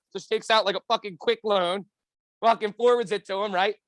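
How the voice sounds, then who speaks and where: Podcast guy, higher voice, animated, acts out the people in his stories, dry close mic. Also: brisk, no room sound. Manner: animated storyteller, acts out quotes. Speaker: podcast co-host. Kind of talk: casual profane chat.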